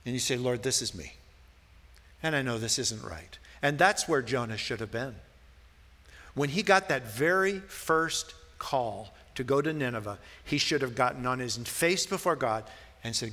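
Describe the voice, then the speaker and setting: A man's voice: medium pitch, expressive, moderate pace, bright, forceful tone. A man preaching a sermon as a pastor, earnest and building to emphatic questions. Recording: long reverb of a large hall.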